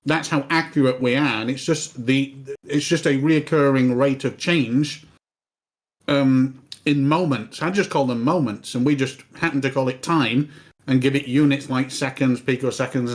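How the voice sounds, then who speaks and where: Man explaining ideas in casual chat. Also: mid-range voice. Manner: explanatory, searching for words. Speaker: discussion participant.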